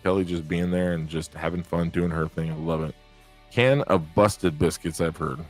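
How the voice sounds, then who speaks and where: A man's voice: deep voice, steady tone, normal speed, soft background music. A man hosting a casual live podcast, rambling candidly, reading viewer comments aloud and swearing freely. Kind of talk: casual live-stream chat.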